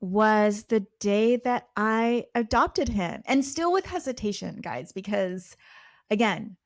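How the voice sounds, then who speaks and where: A young adult woman hosting a podcast, telling a personal story at home in a casual, animated way with many fillers. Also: medium pitch, takes it slowly, dry recording, clean studio sound. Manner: animated, chatty, lots of "like" fillers. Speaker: podcast host.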